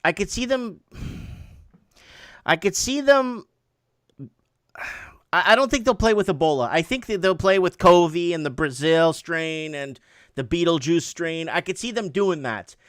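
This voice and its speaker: A man hosts a call-in show in a high, light voice. He sounds close and dry, with no room echo. His talk is loose and easygoing, and he drops in sarcastic jokes as he reads from his screen. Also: a little slow, long pauses. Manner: relaxed, joking, sarcastic asides. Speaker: show host. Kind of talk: casual call-in chat.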